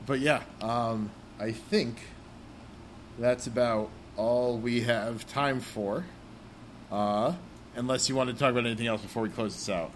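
A man's voice: medium pitch, steady tone, unhurried, slight background noise. A man hosting a casual podcast, rambling with lots of fillers, and reading the show's sign-off. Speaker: podcast host. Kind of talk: casual chat.

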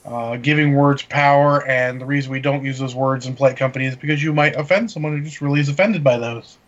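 A man's voice: medium pitch, fairly even intonation, fast talker. A man hosting a podcast in casual chat, blunt and opinionated. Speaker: podcast host. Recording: slightly dull, lo-fi mic.

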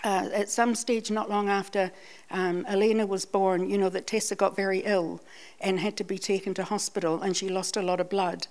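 A woman's voice: medium pitch, little pitch movement, normal speed, a little mellow. A Scottish woman giving a sermon, telling a personal testimony in a chatty, self-deprecating way. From Scotland. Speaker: church speaker.

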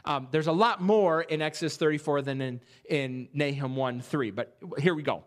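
A man preaching an expository sermon in a church, reading scripture aloud and posing rhetorical questions with animated delivery. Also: fairly high pitch, moderate pace. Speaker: pastor. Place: church sanctuary.

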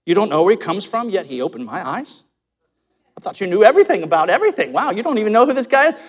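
A man voicing a healed blind man who answers his accusers with quick sarcastic retorts. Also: sits high, sing-song, big-room sound, voice pushed up.

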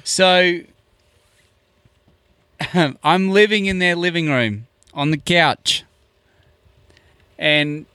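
Gravelly man telling a story. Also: fairly high pitch, dry recording. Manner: animated, acts out quoted dialogue with many "I'm like". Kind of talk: casual storytelling.

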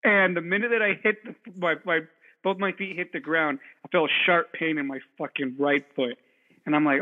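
A man co-hosting a podcast, telling an animated, profane story in casual chat. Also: a little high, moderate pace. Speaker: podcast co-host. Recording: tinny phone-like sound.

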